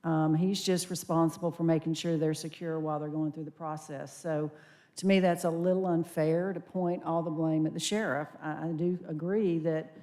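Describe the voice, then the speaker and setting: Woman, board vice chair, slightly low voice, firm and measured questioning. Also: steady tone, mellow. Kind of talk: public board meeting questioning.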